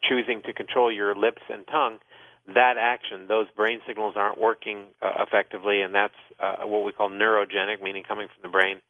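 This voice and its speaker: A man with a fairly low voice answers callers as the doctor hosting a call-in radio show. He explains things at length and fills his pauses with "uh" and "you know." The sound is dry and narrow, like a phone line. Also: little pitch movement, dry recording. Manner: explanatory, many "uh" fillers.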